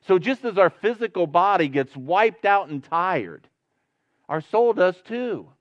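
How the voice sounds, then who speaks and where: A man preaching a sermon in an earnest way, dropping to a hush and then pressing hard on key words. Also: high voice, big pitch swings, a little slow, no echo, muffled recording. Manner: earnest preaching, swings from hushed to emphatic. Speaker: pastor.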